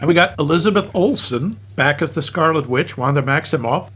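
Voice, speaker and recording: Husky high-voiced guy doing a jokey movie recap, bouncy pitch all over. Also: lively intonation, a bit bright. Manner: jokey, deliberate fake slips and corrections. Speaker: podcast co-host.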